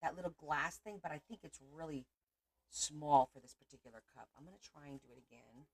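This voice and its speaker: A middle-aged woman chats casually on a livestream, rambling from one story to the next and greeting viewers by name as they arrive. Her voice sits a little low for a woman. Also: brisk, breathy edge. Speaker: livestream host.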